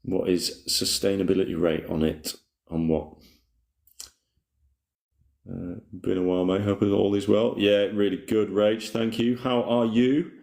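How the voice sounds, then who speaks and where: A man with a low, deep voice chats at a relaxed pace on a live stream, rambling and reading out viewer comments. His voice rings around an echoey room. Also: unhurried, vocal fry. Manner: rambling, laid-back, reads chat comments aloud. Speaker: livestream host. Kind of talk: casual spiritual livestream chat.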